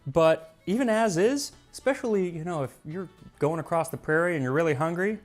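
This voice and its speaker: A man's voice: on the high side, brisk, faint music behind. A man presenting in a played video, casually and enthusiastically recommending a recipe, with frequent restarts. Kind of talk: casual food demonstration.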